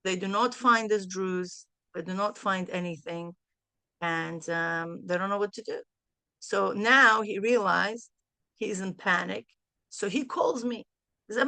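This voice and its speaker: Animated woman telling a story. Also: mid-range voice, slow, vocal fry, long pauses, dry recording. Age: middle-aged. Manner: animated, acts out both sides of a phone call; sprinkles in Hebrew and Yiddish phrases. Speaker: mastermind group leader. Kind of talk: storytelling to a group.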